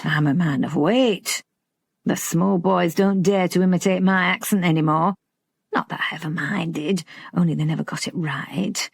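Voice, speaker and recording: Woman doing a gruff Yorkshire old man. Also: fairly low pitch, fairly even intonation, normal speed, dry recording, studio quality. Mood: teasing. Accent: Yorkshire, as put on. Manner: bluff, teasing, plain-spoken. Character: blunt older Yorkshire man, gruff and teasing.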